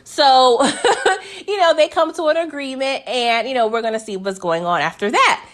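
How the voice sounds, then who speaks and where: A woman's voice: high-pitched, moderate pace, a bit bright. A woman casually recapping a TV episode in a chatty, slangy way, often tacking on "okay?" and laughing between points. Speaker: TV recap host.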